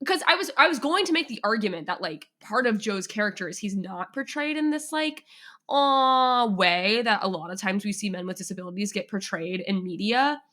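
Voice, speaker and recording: A woman co-hosting a podcast in casual chat, talking in quick restarts and laughing often. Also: medium pitch, lively intonation, pushed and bright. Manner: chatty, self-interrupting, laughs often. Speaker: podcast co-host.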